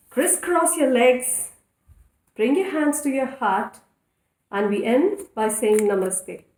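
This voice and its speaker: A woman leading a children's yoga class in a playful, encouraging way, giving clear step-by-step instructions. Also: sits high, darkish tone. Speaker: kids' yoga teacher. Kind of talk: guided kids' yoga instruction. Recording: echoey room, voice from a distance.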